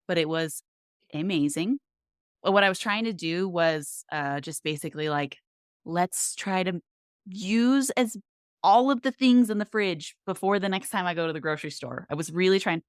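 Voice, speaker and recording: A woman's voice: lowish voice, normal speed, smooth, dry recording, studio quality. A woman hosting a podcast, telling stories in an upbeat, conversational way. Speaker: podcast host. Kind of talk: casual chat.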